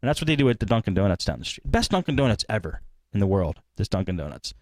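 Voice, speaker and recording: A man's voice: on the low side, sing-song, quick pace, no room sound. A man hosting a live tech podcast, ranting casually and animatedly with laughs. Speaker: podcast host.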